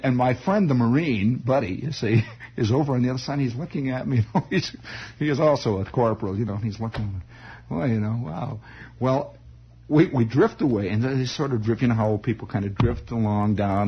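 A man telling a long personal story in a rambling, halting way, full of restarts and wry asides. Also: mid-range voice, a little mellow, slightly rough. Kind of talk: comic spoken storytelling.

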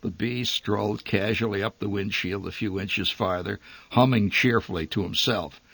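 A male storyteller reading a humorous memoir with a wry, dry delivery. His voice is low and husky. The recording is dry and close, with no room sound. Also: normal speed, fairly bright tone, no room sound. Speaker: narrator.

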